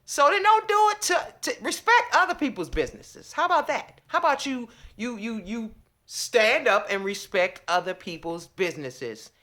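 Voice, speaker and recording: A woman vlogger ranting and telling a story to camera in a sassy, animated way. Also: on the high side, moderate pace. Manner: animated, sassy, acts out both sides of a phone call.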